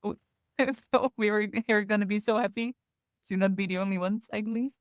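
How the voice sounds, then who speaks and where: A woman's voice: medium pitch, steady tone, brisk, no room sound, clean studio sound. A woman co-hosting a podcast in casual chat, chatty and laughing often as she talks. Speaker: podcast co-host.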